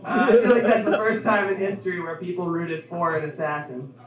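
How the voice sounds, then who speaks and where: A young adult man performing a stand-up comedy set in a club, in an offhand, halting delivery full of ums. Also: high voice, muffled recording, a crowd in the background. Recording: echoey club from a distance.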